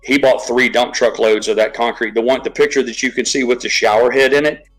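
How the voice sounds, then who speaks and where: A man's voice: mid-range voice, steady tone, a little fast, a bit bright, faint music behind, poor audio. A man chatting casually on a live stream, rambling, swearing freely and restarting his sentences often. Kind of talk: casual chat.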